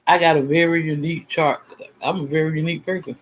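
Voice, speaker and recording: Man host, fairly high voice, loose rambling chat with faint hiss behind, sure of himself. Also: fairly even intonation, quick pace, rough recording. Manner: rambling, emphatic, self-assured, repeats himself. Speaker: channel host. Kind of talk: casual livestream talk.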